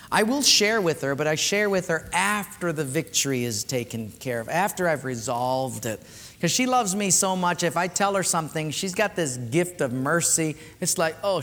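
A man preaching a sermon as pastor, telling stories with lively vocal sound effects. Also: fairly high pitch, long reverb tail. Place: church.

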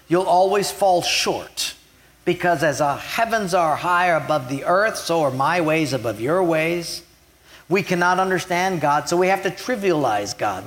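Guy preaching, voice sits a bit high, goes loud then real quiet. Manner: retells scripture with acted quotes, shifting from loud to hushed. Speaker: pastor. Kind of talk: sermon.

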